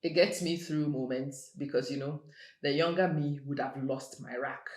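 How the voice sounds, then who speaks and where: A woman's voice: sits low, fairly even intonation, a little mellow. Woman in a roomy, echoey space. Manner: measured and emphatic, repeats key phrases. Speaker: motivational speaker. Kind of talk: motivational monologue. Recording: roomy echo with faint music.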